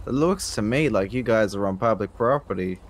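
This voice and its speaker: Calm, low-voiced man playing a cop. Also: a little fast. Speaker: roleplayer playing a police officer. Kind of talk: in-character improvised game roleplay.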